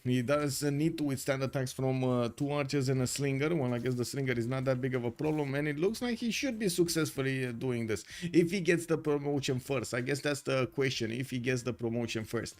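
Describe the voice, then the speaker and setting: Man casting a strategy game. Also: mid-range voice. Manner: excitable play-by-play with many filler pauses. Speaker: esports caster.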